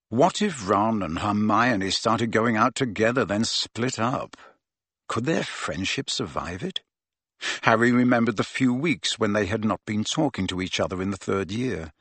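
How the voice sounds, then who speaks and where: A man narrating an audiobook in a steady, even storytelling manner. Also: on the low side, husky, no echo. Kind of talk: scripted narration.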